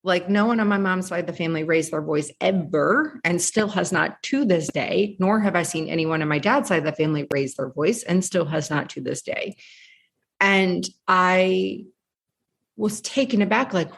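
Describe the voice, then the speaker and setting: A woman from Virginia, a podcast guest and author, speaking in a heartfelt, expressive way and often asking "right?". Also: on the low side, normal speed, creaky. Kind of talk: casual interview talk.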